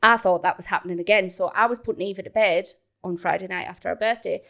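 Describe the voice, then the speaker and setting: A woman co-hosting a podcast, telling a story in a casual, animated way and acting out other people's lines. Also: fairly low pitch, fast talker, vocal fry. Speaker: podcast co-host.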